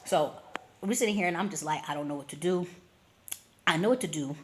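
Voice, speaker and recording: A woman vlogger casually telling a story, slangy and expressive, acting out scenes with sound effects and little voices. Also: on the low side, brisk, slight background noise. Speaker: travel vlogger.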